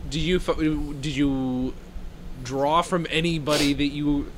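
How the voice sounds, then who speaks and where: A man hosting a podcast, quick to affirm his guest and chase questions in casual chat. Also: fairly high pitch, steady tone, fairly bright tone, a little hiss or hum. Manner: eager listener, quick affirmations. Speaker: podcast host.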